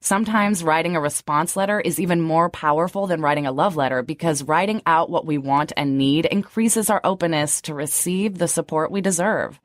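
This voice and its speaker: A woman's voice: low-pitched, fairly quick, few pauses, dry recording, studio quality. A woman in her thirties co-hosting, moving between read-out summaries and loose chat full of "like" fillers. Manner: chatty, frequent "like" fillers when unscripted. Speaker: co-host. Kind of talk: scripted summary and casual chat.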